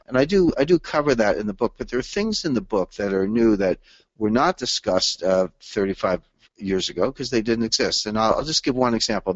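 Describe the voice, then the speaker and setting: A low-pitched man explains at length in a measured webinar style, pausing often on "uh". His voice comes through dull, lo-fi call audio with a dry, close sound. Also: no echo. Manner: measured, explanatory, with frequent "uh" fillers. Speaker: author guest on webinar. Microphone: call or webinar audio line.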